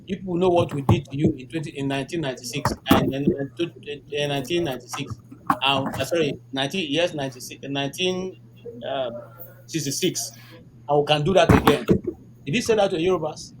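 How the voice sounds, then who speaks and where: A man's voice: on the high side, a little fast. A man arguing in a group discussion, posing rhetorical questions with many fillers. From Nigeria. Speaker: discussion participant. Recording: noisy background hiss.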